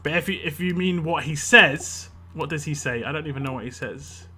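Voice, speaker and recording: Over soft background music, a British guy streaming a mobile game talks in a fairly high, pushed and bright voice at a brisk pace, rambling along and reading viewers' comments out loud.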